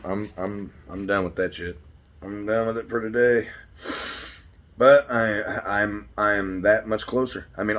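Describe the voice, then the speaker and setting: There's a little hiss or hum behind this man's fairly low voice. A roofer and hobby car builder, he vents, rambles, and curses through a casual phone-filmed workshop vlog in his home garage.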